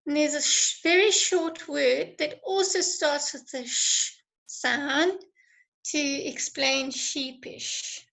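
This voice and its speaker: Slow-speaking high-voiced woman teacher. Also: steady tone, fairly bright tone, rough recording. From South Africa. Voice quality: voice goes hoarse when talking a lot. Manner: encouraging, praises students often. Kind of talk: online lesson with live chat.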